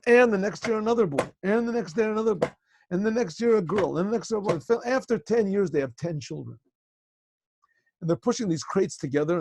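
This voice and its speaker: A male rabbi telling a story to a class over a video call, conversational and often clearing his throat. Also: a little high, darkish tone, dry recording.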